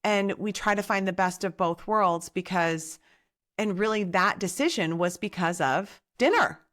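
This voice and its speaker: A woman TV co-host talking as an interview guest, chatty and enthusiastic, with lots of "like"s and fast asides. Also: medium pitch, animated, fairly bright tone. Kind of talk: casual interview chat.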